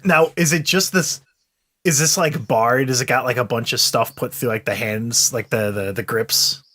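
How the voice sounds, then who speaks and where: A man at a tabletop game describes what his character does. He talks it through out loud, often stopping to restart his sentences. His voice sits at an ordinary middle pitch. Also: normal speed. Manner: thinks aloud with many restarts. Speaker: player. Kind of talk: tabletop role-play chat.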